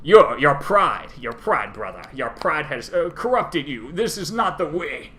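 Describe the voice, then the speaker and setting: A man puts on a wise old dragon who chides his brother slowly and gravely. The voice sits somewhat higher and louder than the speaker's own. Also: very animated, heavily acted. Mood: grave reproach. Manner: grave, reproachful, measured. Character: solemn wise elder male dragon.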